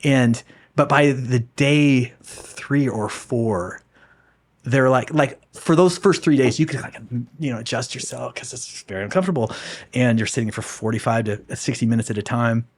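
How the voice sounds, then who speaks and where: Rambling man with a middle-pitched voice. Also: normal speed. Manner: rambling, many fillers and restarts, laughs often. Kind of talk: casual podcast conversation.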